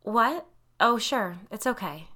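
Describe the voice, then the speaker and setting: A listless teenage girl who answers in short, vague bursts, read by a woman. The voice sits a little higher than the reader's own and has a bright edge. It is an audiobook. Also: lively intonation, slow pace, exaggerated voice. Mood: distracted. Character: tired, distracted teenage girl.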